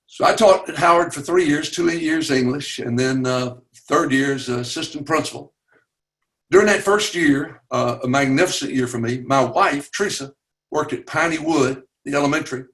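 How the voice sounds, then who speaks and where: Older Southern man, earnest storyteller, halting with fillers, voice rising at key moments, mid-pitched, video call. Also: fairly bright tone. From Chattanooga, Tennessee. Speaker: webinar guest speaker. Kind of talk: personal storytelling.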